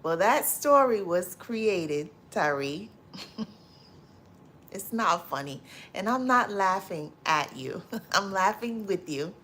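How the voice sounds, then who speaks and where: A woman hosting a casual livestream, greeting viewers by name and reading their comments aloud, laughing loudly and often and repeating her phrases. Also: mid-range voice, animated, takes it slowly. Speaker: livestream host.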